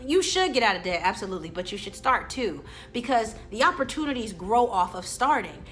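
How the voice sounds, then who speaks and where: Bright-voiced, chatty young woman vlogger. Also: a little high, fairly quick. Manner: chatty, animated storytelling with slang. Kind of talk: casual motivational vlog.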